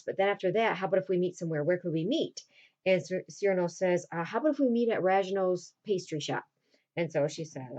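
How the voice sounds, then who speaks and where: A woman teacher talks her students through a recap in an easy, informal voice, popping into short acted quotes as she goes. Her pitch sits in the middle range. The recording is a bit dull and lo-fi. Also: darkish tone. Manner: casual retelling with quick acted quotes.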